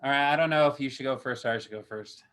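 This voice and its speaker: A man hosting a casual film review chat, swearing a lot and ranting with mocking, animated energy. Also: mid-range voice. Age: adult with a young daughter. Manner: profane, animated, mocking, quick reversals. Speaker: podcast host.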